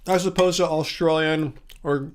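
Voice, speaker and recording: A man with an American accent and a notably high voice, chatting loosely on a livestream. He eats as he talks and wanders through viewer comments, circling back with lots of fillers and restarts. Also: steady tone, normal speed. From United States. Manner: rambling and curious, many fillers and restarts; eating while talking. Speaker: livestream host. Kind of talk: casual livestream chat answering viewer comments.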